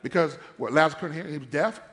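A man's voice: on the high side, fast, a bit bright. A man preaching a sermon in church, emphatic and firing questions at the congregation.

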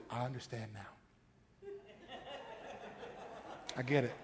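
A man pastor preaching an animated, emphatic sermon in a church sanctuary, mixing jokes and repetition. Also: on the high side, normal speed. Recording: long hall reverb.

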